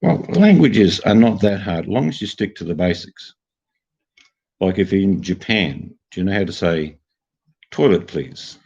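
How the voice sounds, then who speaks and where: A man's voice: low voice, lively intonation, a little slow, a little mellow, husky. An older man with an Australian accent, chatting casually and telling jokey stories to a livestream audience. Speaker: livestream host. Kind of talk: casual chat. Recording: dull lo-fi sound.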